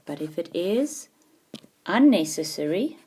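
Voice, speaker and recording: Female teacher, low-ish mellow voice, patient explainer with punchy emphasis. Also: big pitch swings, measured pace, husky. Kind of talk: grammar lesson.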